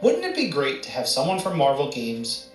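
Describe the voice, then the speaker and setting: A man's voice: mid-range voice, wildly swooping pitch, normal speed, roomy sound, soft background music, rough recording. A man co-hosting a show, introducing a segment in an upbeat, presenting way. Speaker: co-host.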